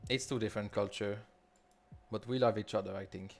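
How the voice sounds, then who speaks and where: A man from Quebec with a Quebec French accent, leading a live coding walkthrough in a halting, think-aloud way with frequent restarts. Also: lowish voice, fairly even intonation, creaky, soft background music. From Quebec, Canada. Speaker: developer leading a builder session.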